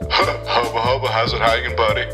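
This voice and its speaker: A man's voice: mid-range voice, flat delivery, a little fast, over loud music, close to an everyday voice. A man doing an impression of a crude, wisecracking ex-president. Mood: cheeky. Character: randy ex-president, crude and jokey.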